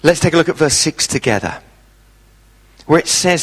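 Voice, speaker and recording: A man preaching a sermon, telling a personal story with dramatic pauses. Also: on the high side, expressive, breathy edge, long reverb tail.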